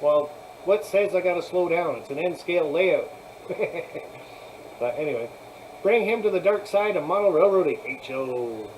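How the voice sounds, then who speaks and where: A man's voice: a little high, animated, moderate pace, darkish tone, slight background noise, rough recording. A man hosting a casual live chat, rambling, laughing often and thanking viewers as he talks. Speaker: live stream host.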